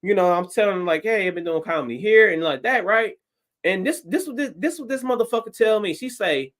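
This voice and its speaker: A man from Detroit, a stand-up comedian, telling a story on a livestream in a profane, animated way and acting out his own reactions. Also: high-pitched, brisk.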